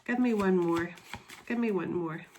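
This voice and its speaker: A woman doing a spiritual tarot reading to camera, emotional and excitable, reading card texts aloud. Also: mid-range voice, moderate pace, a little hiss or hum. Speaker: tarot reader.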